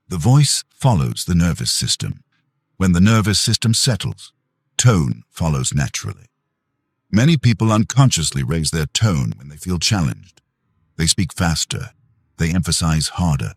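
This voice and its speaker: A man reading a self-help audiobook in a slow, measured, calm scripted narration. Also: a bass voice, husky, dry recording.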